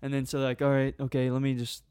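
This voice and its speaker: A young man casually telling a long funny story on a podcast, animated and laughing often. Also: mid-range voice, quick pace, clean tone, no room sound, clean studio sound. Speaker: podcast co-host.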